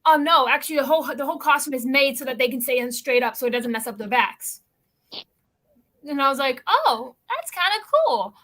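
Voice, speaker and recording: High bright-voiced young woman chatting. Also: fairly even intonation, brisk. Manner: chatty, rambling, lots of "like" fillers. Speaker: host. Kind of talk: casual chat.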